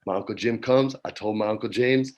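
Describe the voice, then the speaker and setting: A man in his forties from New Mexico, a guest telling stories in a relaxed chat, dropping "man" and "dude" often, on a video call from home. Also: on the low side, brisk. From New Mexico, USA. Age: 40s. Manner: laid-back, peppers talk with "man" and "dude". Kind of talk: casual storytelling chat.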